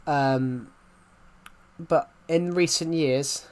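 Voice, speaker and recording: Rambling young man streaming, slightly high. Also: fairly even intonation, drawn-out words. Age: 20s. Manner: rambling, often restarts and repeats phrases. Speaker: live streamer. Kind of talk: casual live-stream chat.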